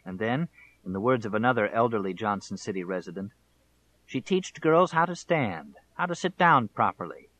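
Guy reading a history audiobook, slow and steady, lowish voice. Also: poor audio. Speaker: narrator. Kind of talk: scripted audiobook narration.

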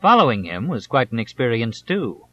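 Man reading a biography, measured. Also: medium pitch, very animated, sharp tone, lo-fi sound. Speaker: audiobook narrator. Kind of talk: scripted narration.

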